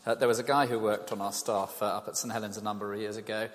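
A man's voice: fairly low pitch, level tone, fast. An older man giving an evangelistic talk to an audience, conversational and self-deprecating, telling stories with animation. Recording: reverberant hall.

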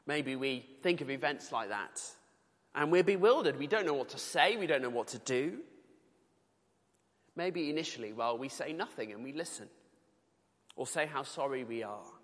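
Reading scripture with casual asides, this British preacher sounds earnest and chatty. He speaks at a medium pitch and normal speed, with lively intonation, frequent pauses and a fairly bright quality, all echoing through a large hall's long reverb.

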